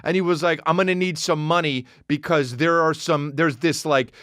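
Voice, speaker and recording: A man's voice: on the high side, steady tone, moderate pace, a bit bright, dry recording, clean studio sound. A male comedian and podcast host delivering a sarcastic, profane rant, slipping into mocking voices. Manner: sarcastic, swearing, mocking impressions.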